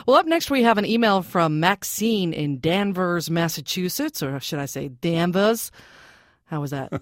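A woman with a fairly low but very animated voice hosts a radio call-in show. She chats brightly and conversationally, reading out questions and inviting listeners to call. The sound is close and dry. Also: moderate pace, no room sound.

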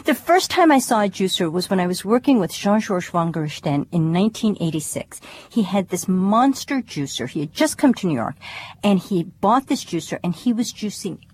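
A cookbook author who is a guest on a radio show, telling a story and explaining kitchen gadgets in an animated way. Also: female voice, mid-range voice, moderate pace, slight background noise. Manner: animated storyteller, laughs often. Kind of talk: conversational explanation.

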